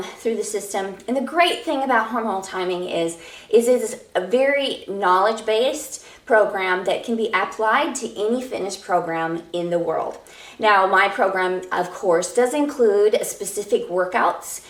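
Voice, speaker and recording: Upbeat woman with a Minnesota accent, fitness business owner pitching herself, recorded off-mic in a roomy space. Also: moderate pace. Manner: upbeat, self-promoting. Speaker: fitness entrepreneur. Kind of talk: casual self-introduction to camera. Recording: roomy, from a distance.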